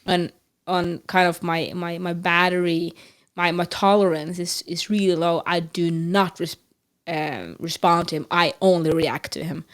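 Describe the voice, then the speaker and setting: A middle-aged woman, co-hosting a podcast and telling an animated story with restarts and laughter. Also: lowish voice, measured pace. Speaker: podcast co-host. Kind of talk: casual chat.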